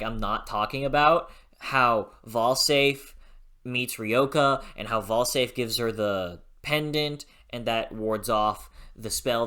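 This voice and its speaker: A bright, sharp-toned book reviewer talking casually on camera. The reviewer gushes with excitement, laughs often and swears freely, swinging between hushed thought and loud enthusiasm. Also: mid-range voice.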